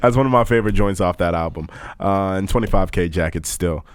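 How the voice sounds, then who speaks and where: A man's voice: low-pitched, a little fast, clean tone. A young man co-hosting a podcast, chatting casually in slang with frequent laughter. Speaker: podcast co-host. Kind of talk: casual chat.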